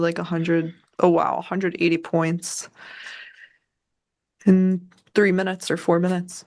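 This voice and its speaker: A woman co-hosting a live trading show, easygoing and quick to laugh. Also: on the low side, flat delivery, a little mellow. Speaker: co-host. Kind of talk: casual trading chat.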